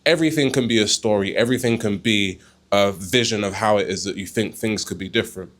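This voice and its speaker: A man answering as a guest in a calm, measured, thoughtful way. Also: fairly low pitch. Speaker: guest, government worker. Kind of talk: reflective casual answer.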